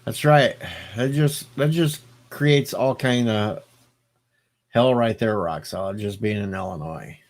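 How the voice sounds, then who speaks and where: A man's voice: fairly low pitch, measured pace. Rambling man chatting with live viewers. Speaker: livestreamer reading chat. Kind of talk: casual live-stream chat.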